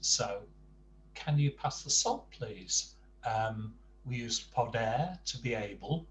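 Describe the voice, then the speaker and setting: Man, teacher, slow careful explanation, lots of ums, faint hum behind. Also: medium pitch, animated. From England. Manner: slow, patient, many ums and uhs. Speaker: Spanish teacher. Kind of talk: relaxed lesson explanation. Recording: distant mic with faint hum.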